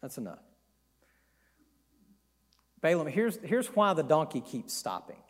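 A man voicing God in a retold Bible story, calm and patient as he steps in. The voice is high for a man. It rings through a reverberant hall. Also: unhurried.

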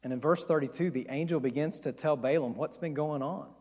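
A man preaching in an animated, conversational way as he retells a Bible story. His voice is high for a man. It carries a long reverb, as in a large hall. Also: fairly quick. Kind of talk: sermon storytelling.

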